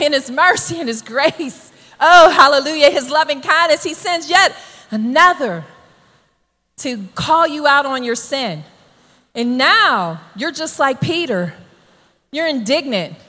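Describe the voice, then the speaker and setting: A woman preaching with a high, bright, piercing voice. She drives her points home with emphasis and keeps asking her listeners "right?" The sound carries a long hall reverb. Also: lively intonation, measured pace. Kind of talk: sermon.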